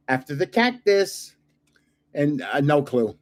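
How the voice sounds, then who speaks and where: An older man with a voice pitched a touch high for a man talks through a pack opening. He rambles, guesses at names and chuckles at himself. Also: lively intonation, a little fast. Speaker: card-collecting channel host. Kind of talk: casual pack-opening chat.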